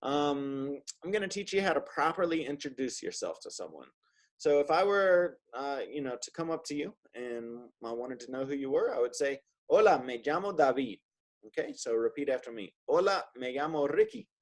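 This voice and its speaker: A man's voice: medium pitch, normal speed. A man teaching an online Spanish class in a casual, upbeat way, drilling words for his student to repeat. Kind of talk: online language lesson. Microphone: video call.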